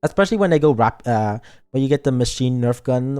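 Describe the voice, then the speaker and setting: A streamer reading a visual novel aloud, breaking off often for playful asides to chat. The voice is animated and swoops freely in pitch, and soft game music plays faintly behind it. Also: quick pace.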